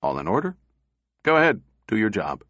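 A man doing a calm, dryly ironic prosecutor. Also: on the low side, moderate pace, dry recording, studio quality. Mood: cool. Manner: even, indifferent, dryly ironic. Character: calm, amused, unruffled male prosecutor.

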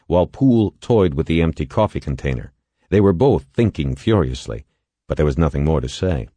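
A man narrating a novel as an audiobook in a measured, expressive way. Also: low voice, no room sound. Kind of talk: scripted narration.

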